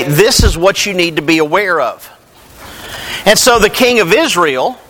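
A man preaches a sermon, reading scripture aloud and then explaining it conversationally. His voice is high, bright, and forceful.

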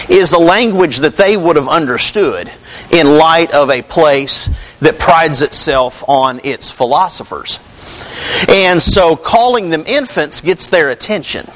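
Male pastor, high voice, unhurried, chatty storytelling sermon that talks straight to the church. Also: lively intonation, fairly bright tone, low-quality recording. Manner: conversational, storytelling, calls out to the congregation.

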